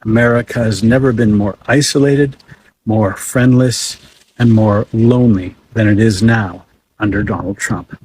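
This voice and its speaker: A man giving measured, wry political commentary. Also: on the low side, fairly even intonation, a little mellow, a little hiss or hum, rough recording.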